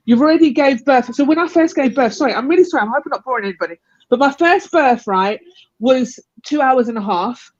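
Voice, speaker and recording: A woman's voice: high voice, expressive, quick pace, no room sound. A young woman on a live panel, casually telling a long personal story, rambling and laughing often as she acts out other people's lines. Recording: dull, lo-fi call audio.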